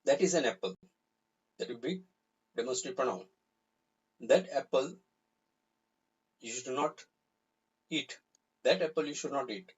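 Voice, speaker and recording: A man teaches a live grammar class in a deeply husky, breathy voice. He explains patiently and repeats each example sentence. The recording sounds somewhat muffled and lo-fi. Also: unhurried, pauses often. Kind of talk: live online grammar lesson. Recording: slightly dull, lo-fi recording.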